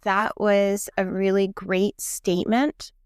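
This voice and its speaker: Affirming woman podcast host, smooth voice. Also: medium pitch, flat delivery, slow pace, dry recording, clean studio sound. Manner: warm, affirming, searching for words. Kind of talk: casual interview chat.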